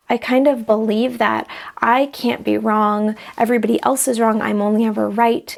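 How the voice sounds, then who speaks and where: Young woman vlogger, slightly high voice with vocal fry, thoughtful and casual. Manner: reflective, acts out little example voices. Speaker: vlogger sharing personal growth advice. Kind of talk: casual talk to camera.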